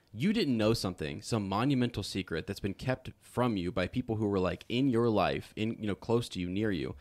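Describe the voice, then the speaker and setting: A man's voice: lowish voice, no room sound. A man co-hosting a podcast, chatting casually about a book and rambling with many fillers and restarts. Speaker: podcast co-host.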